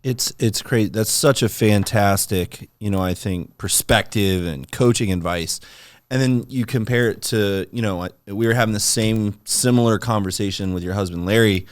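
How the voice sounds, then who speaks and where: A man's voice: lowish voice, moderate pace, no echo. A man co-hosting a podcast, enthusiastic and chatty, often restarting his sentences. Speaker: podcast co-host. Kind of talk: casual interview chat.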